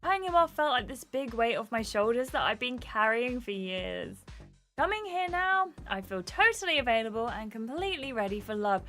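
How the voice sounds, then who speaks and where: A woman's voice: fairly high pitch, very animated, moderate pace, pushed and bright, faint music behind, full character voice. A woman voicing a chatty young female reality show contestant, gushing and confiding.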